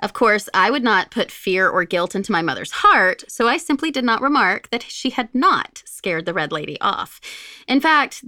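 Lively, bright-voiced woman reading a story. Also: on the high side, no echo, studio quality. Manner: giggly, animated storyteller. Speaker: podcast co-host reading a listener story. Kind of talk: casual chat and story reading.

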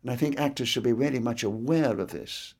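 Gravelly older man with crisp diction. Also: medium pitch, a little mellow. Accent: English with a Scottish inflection. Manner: crisp actor's diction, measured and explanatory. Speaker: guest. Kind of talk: interview.

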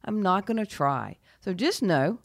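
A woman's voice: medium pitch, sing-song, measured pace, no room sound. A woman host introducing a guest speaker on her podcast in an upbeat, chatty way. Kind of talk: show introduction. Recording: dry close recording.

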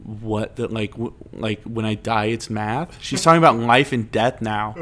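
A man telling a story in casual chat, animated and rambling, swearing freely. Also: lowish voice, unhurried.

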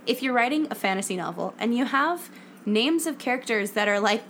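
A woman's voice: on the high side, lively intonation, brisk, a bit bright, a little hiss or hum. A woman co-hosting a casual book chat, playful, reacting dramatically and swearing casually. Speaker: podcast co-host. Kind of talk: casual chat about books.

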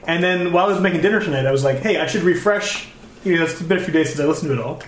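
A man's voice: fairly high pitch, very fast, slight background noise. A man from Canada hosting a podcast in casual chat, rambling with fillers and laughs, recorded in an echoey apartment room. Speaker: podcast host.

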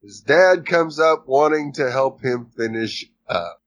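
A man co-hosting a podcast, retelling the plot of a series in a measured, matter-of-fact way. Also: mid-range voice. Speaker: podcast co-host recapping a series. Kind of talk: casual chat.

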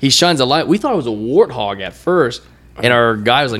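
A man's voice: mid-range voice, fairly quick. A man in casual chat, animatedly telling a hunting story and acting out quotes. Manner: animated, laughing, acts out quotes. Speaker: guest hunter telling a story.

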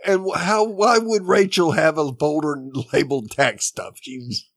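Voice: mid-range voice, a little slow, creaky, no echo. A podcast co-host chatting casually and agreeably about a TV episode. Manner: relaxed, agreeable back-and-forth with frequent laughter. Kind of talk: casual TV episode recap chat.

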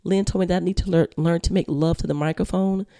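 Woman, podcast co-host, casual chat, mellow, low-pitched, loose and salty. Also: fairly even intonation, fast talker. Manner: chatty, loose and profane. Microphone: headphones on.

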